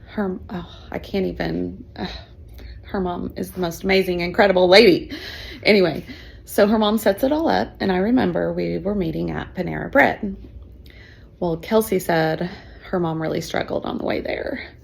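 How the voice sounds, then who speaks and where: A woman's voice: lowish voice, moderate pace, gravelly, husky. A woman in her fifties, a teacher, telling her own adoption story in an emotional, chatty way with fillers and laughs. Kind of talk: personal storytelling.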